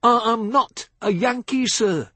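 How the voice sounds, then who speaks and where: A man voicing a young male American soldier who speaks in a slow, lazy Southern drawl, polite and unhurried. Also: very high-pitched, sharp tone, no echo, voice pushed up, full character voice. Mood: cold, firm.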